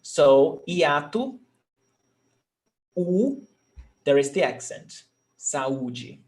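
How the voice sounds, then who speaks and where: Male language tutor, unhurried and patient, walks through grammar rules and checks in often. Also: a little high, very animated, a little mellow. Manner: patient, explains rules step by step and checks understanding. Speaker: Portuguese teacher. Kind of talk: online language lesson.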